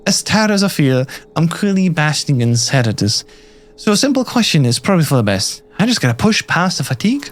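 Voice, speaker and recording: A man's voice: a little high, very animated, fairly quick, pitched above the performer's own voice. A man voicing a tired, dazed young woman held captive, reading her thoughts aloud from a fan otome game. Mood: weary. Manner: weary, breathless narration of her own thoughts.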